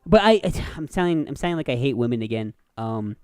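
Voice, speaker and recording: A man's voice: medium pitch, fast, clean tone, no room sound. A man hosting a podcast, telling crude stories in casual chat, swearing and laughing often. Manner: animated storyteller, laughs a lot, swears. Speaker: podcast host.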